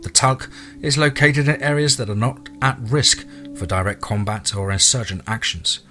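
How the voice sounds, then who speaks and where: A man narrating a horror story in a dramatic, steady audiobook reading. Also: mid-range voice, moderate pace, faint music behind.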